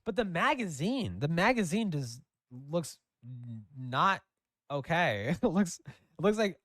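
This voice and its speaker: A man's voice: a little high, sing-song, takes it slowly, fairly bright tone, dry recording, studio quality. A man giving casual gameplay commentary, crude and mocking, laughing often. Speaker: gaming commentator.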